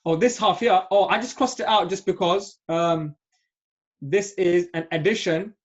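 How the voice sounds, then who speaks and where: Man teaching grammar, slightly higher voice, keeps asking "yeah?", dull lo-fi sound. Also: measured pace. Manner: patient, checks understanding with "yeah?". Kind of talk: online class teaching. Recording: dull lo-fi audio.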